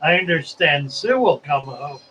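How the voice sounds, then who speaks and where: A man hosts a relaxed live stream, reading out viewer comments and musing between them. He speaks slowly in a somewhat high voice. The audio is slightly dull, with a faint hiss behind it. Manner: unhurried and chatty, musing aloud.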